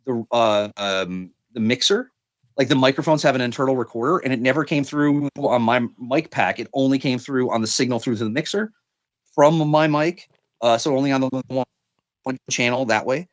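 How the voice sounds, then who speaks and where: A man's voice: mid-range voice, normal speed, no room sound, muffled recording. A young man, a podcast guest, telling a story in a casual, rambling way, full of fillers and restarts.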